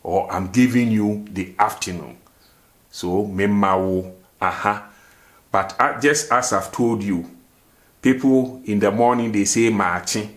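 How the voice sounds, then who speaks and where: A man teaches a language lesson at an unhurried pace. His voice sits somewhat low. He drills each phrase and poses little "and that is what?" questions to the learner. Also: fairly even intonation. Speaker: language teacher, show host. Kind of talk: language lesson, slow and repetitive.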